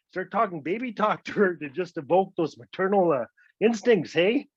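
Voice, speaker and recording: High-voiced man telling a comic tale. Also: lively intonation, moderate pace, breathy edge, dry recording. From Northern Canada. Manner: playful, conversational asides. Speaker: storyteller. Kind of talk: comic oral storytelling. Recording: dull, dry lo-fi recording.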